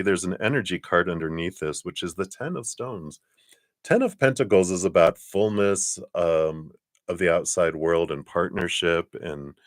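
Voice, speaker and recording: Deep-voiced chatty male tarot reader. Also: fairly bright tone, no echo, clean studio sound. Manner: chatty, laughs often, acts out little quotes. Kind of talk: live-stream card reading, casual chat.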